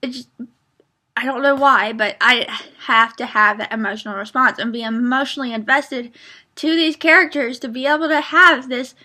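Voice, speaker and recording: High, bright-voiced woman reviewing a book. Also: normal speed. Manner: earnest, rambling, with many fillers and restarts; openly emotional, close to tears. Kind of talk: casual book review vlog.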